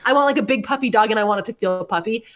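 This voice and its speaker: A woman's voice: on the high side, racing. A young adult woman hosting a podcast, telling a story in casual chat, full of likes and laughs. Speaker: podcast host.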